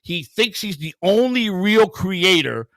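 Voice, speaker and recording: A man's voice: high-pitched, expressive, takes it slowly, a bit bright, no room sound. A man hosting a livestream, telling a heated, profane story full of quoted dialogue. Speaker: host.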